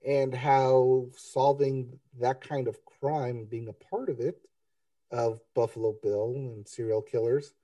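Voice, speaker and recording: A man co-hosting a TV review podcast, talking in a relaxed, offhand way. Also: mid-range voice, slow pace, no room sound, recorded from a distance. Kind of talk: casual chat.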